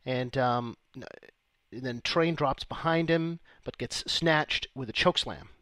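A man co-hosting a casual comedy podcast, profane and quick to laugh, recapping a match play by play. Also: medium pitch, fairly bright tone, no echo. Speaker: podcast co-host.

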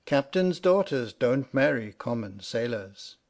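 A man reading the part of a gloomy old sailor, sad and resigned, who speaks low and without complaint. The voice sits in a middling register and keeps the plain tone of a storybook read aloud. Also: sing-song, measured pace. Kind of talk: audiobook reading.

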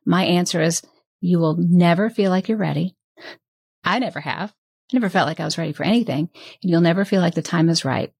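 A woman hosting a podcast as a business coach, talking candidly and earnestly about investing in yourself, with soft laughs. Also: on the low side, a little fast, gravelly, husky, no room sound, clean studio sound. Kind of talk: candid conversational interview.

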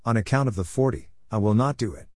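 Male reader as a patient divine figure, measured, low. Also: a little mellow, no room sound, clean studio sound, close to an everyday voice. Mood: solemn. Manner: measured, solemn replies.

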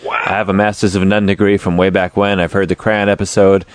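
A man's voice: low voice, little pitch movement, a little fast, no echo. A man co-hosting a comedy podcast, bantering casually and reading listener email aloud in a jokey way. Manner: jokey, reads aloud with exaggerated voices. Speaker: podcast co-host.

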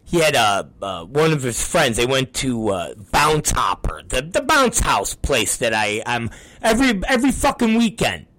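A middle-aged man, a wrestling promoter, ranting on a talk show, swearing constantly and breaking into shouts. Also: mid-range voice, sing-song, moderate pace. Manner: profane, ranting, bursts into shouting.

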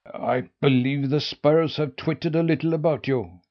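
A man voicing a big, shaggy, irritable old watchdog in a storybook, barking his words gruffly. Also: fairly high pitch, normal speed, dull audio, voice pushed up, close to an everyday voice. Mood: grudging.

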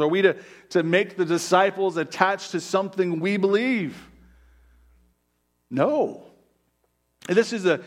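A man preaching a sermon as pastor, stressing key words by slowing down and dropping frequent "right?" asides. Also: a little high.

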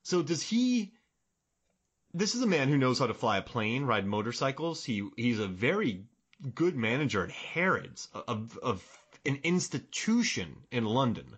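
Animated husky-voiced man chatting. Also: medium pitch, unhurried. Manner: animated, laughs often, quotes scenes in funny voices. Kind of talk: casual chat about a film.

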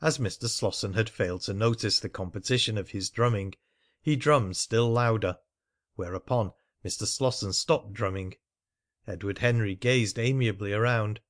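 Low-voiced man narrating an audiobook. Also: normal speed. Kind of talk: scripted narration.

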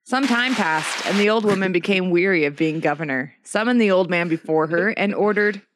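Steady fairy-tale narrator, dry sound. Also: medium pitch, normal speed, no room sound. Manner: reads steadily, stumbles on words. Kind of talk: comic storybook reading.

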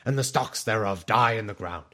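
Old wizard, gravelly and slow, commanding weight in every word; a man doing the voice. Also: sharp tone. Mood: solemn. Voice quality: low gravelly throat voice. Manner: slow, heavy, drawn-out delivery.

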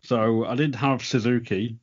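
A young man co-hosting a podcast, talking in a relaxed, joking way. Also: mid-range voice, unhurried, dull audio. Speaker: podcast co-host. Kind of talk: casual chat.

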